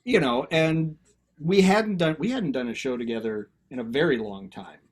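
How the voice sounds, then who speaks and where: A man's voice: a little high, moderate pace, breathy edge. A man, an actor guest telling stories in a casual chat, often repeating words as he starts. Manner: animated storyteller, repeats words when starting.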